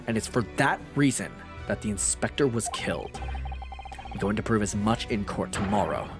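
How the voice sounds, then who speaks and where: Man doing a stern young prosecutor, low voice, measured, menacing. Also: lively intonation, music in the background. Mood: cold. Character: cold, stern young male prosecutor rival.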